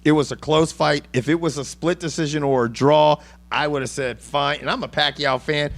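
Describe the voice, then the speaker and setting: A man's voice: a little high, moderate pace, vocal fry. A man hosting a casual boxing chat, cursing freely and rambling through his points with many restarts. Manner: profane, rambling, animated. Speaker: podcast host.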